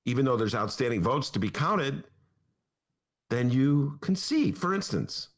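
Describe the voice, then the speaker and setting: A man's voice: mid-range voice, sing-song, measured pace. A man hosting a political talk podcast in a studio, sarcastic and mocking in his banter. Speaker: podcast host. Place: radio studio.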